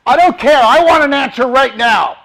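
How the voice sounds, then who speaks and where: A man acting out an angry person who shouts and insists on an answer right away. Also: extremely high pitch, normal speed, pitched above the performer's own voice, poor audio. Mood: yelling.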